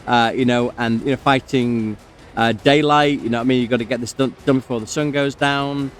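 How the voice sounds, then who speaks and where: A man talks casually over a game at a middling pitch, spinning a long anecdote. He rambles, leans on fillers, and keeps cutting away to react to his gameplay before picking the story back up. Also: fairly even intonation, fairly quick. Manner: rambling, many fillers, breaks off to comment on the game. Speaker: gamer telling a story while playing.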